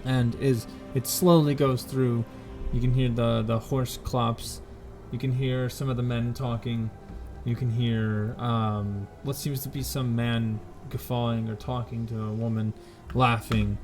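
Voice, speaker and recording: A man runs a tabletop game, narrating each scene in unhurried, deliberate detail at a middle pitch. He pauses often and corrects himself as he goes, with faint music playing behind him. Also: little pitch movement, darkish tone. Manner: slow, descriptive, with fillers and self-corrections. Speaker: game master.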